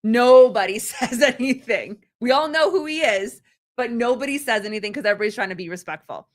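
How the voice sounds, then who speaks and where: Woman podcaster telling a story all animated, bright sharp voice. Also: a little high, fast talker. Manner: lively storyteller acting out quotes. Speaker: podcast co-host. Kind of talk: casual storytelling chat.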